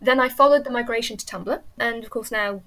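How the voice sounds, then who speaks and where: A woman's voice: fairly high pitch, brisk, a bit bright. An English woman, a teacher, chatting enthusiastically as an interview guest and often restarting her sentences. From England. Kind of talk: casual chat.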